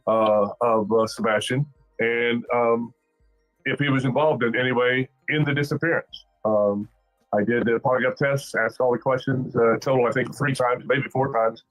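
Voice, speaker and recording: A man's voice: medium pitch, fairly even intonation, moderate pace, low-quality recording. Male examiner guest, hesitant and full of fillers, faint music bed. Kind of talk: expert testimony.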